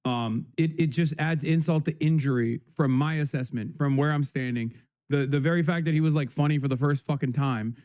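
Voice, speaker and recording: A man's voice: a little high, a little fast, darkish tone. A man ranting angrily on a live stream, swearing often and emphatic. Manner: angry, profane, emphatic.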